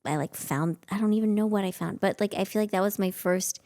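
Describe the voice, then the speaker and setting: A woman's voice: medium pitch, fairly quick, mellow. A woman in her thirties, a guest actress, telling stories in a casual, rambling way full of fillers. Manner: rambling storytelling, many fillers like "like". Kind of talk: casual chat.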